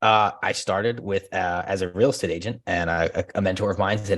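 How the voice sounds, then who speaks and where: Casual male guest, fast talker with a low voice, laughs a lot and acts out other people's lines. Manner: laughing, animated storyteller acting out conversations. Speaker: podcast guest, real estate agent. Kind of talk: casual interview chat.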